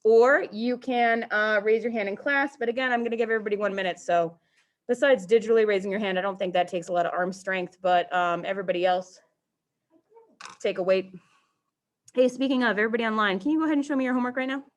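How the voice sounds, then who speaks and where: A woman's voice: medium pitch, fairly even intonation, quick pace. A woman teaching a math class to students in the room and online, playful and teasing with mock-dramatic outbursts.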